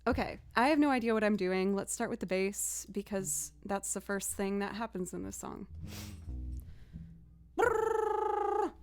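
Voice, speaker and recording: A young woman chats on a live music stream in a casual, self-deprecating way, encouraging her viewers between takes. Her voice sits at a middle pitch, and soft music plays faintly underneath.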